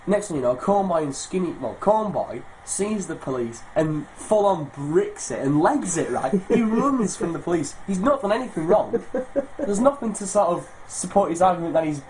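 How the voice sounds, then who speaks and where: A man's voice: sits high, animated, moderate pace, darkish tone. A young man, co-hosting a casual podcast and telling a rambling, laughing anecdote with lots of swearing. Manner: rambling, laughs through his own anecdote, swears freely. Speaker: podcast co-host. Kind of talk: casual chat, storytelling. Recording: noisy home recording.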